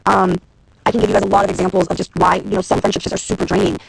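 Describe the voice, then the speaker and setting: A woman in her thirties vents to her livestream viewers in a profane, exasperated rant. She talks at breakneck speed with a gravelly fry running through her voice. Her voice sits fairly high, recorded on a phone with a faint hiss behind it. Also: flat delivery, low-quality recording. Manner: fast, profane, venting and exasperated. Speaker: reality TV personality and executive producer. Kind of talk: Instagram live rant to viewers.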